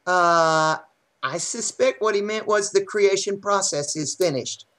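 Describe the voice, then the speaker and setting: A woman guest on a video call, talking in a thoughtful, measured and wry way with frequent hesitations. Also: mid-range voice, fairly bright tone. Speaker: guest author on religion. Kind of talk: casual conversational interview.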